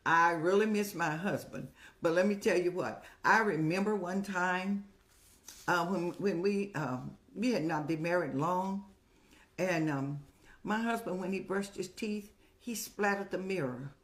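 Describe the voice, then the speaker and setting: On her live-streamed advice show, an older woman speaks a bit slowly in a lowish voice. She's preachy and maternal, calling viewers "child" and sharing stories punctuated by laughs.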